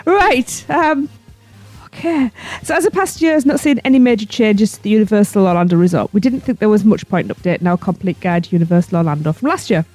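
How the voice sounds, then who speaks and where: A woman's voice: medium pitch, expressive, a little fast, a little mellow. Bubbly British woman podcast host. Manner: bubbly, laughs often, playful. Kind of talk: casual podcast chat.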